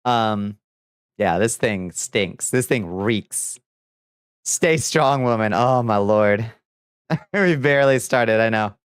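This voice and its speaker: A man's voice: on the low side, slow pace, clear, resonant tone, dry recording, clean studio sound. A man streaming casually, playful and theatrical as he chats with viewers while mixing ingredients. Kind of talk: casual livestream chat.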